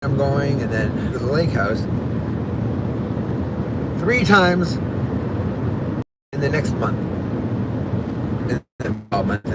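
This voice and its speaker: A man in his forties talks while he drives, rambling from one thought to the next and swearing freely. His voice sits in a mid range. Loud road noise from the moving car runs under everything. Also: medium pitch, lively intonation, slow pace, pauses often. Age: 40s. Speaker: vlogger. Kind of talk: casual live-stream chat. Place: in a car while driving on a highway.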